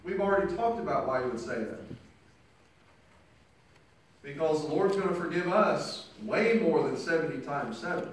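A man's voice: fairly high pitch, animated, moderate pace, long pauses. A male pastor delivering a sermon with emphatic preaching, acting out the people he quotes. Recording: very echoey church hall, mic from far off.

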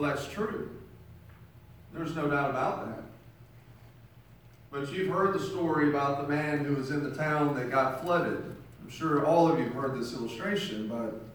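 A man preaching a sermon and telling illustrations, acting out the voices of the people in his stories. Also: a little high. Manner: storytelling, acts out quoted voices. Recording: very echoey room from far off.

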